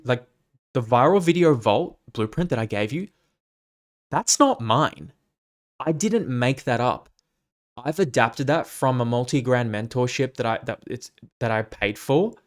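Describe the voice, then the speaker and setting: A man talking in a loose, rambling monologue, blunt and full of swearing. His pitch sits in an ordinary middle range, and he leaps between thoughts with animated energy. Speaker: fitness coach and podcast host. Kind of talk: casual monologue.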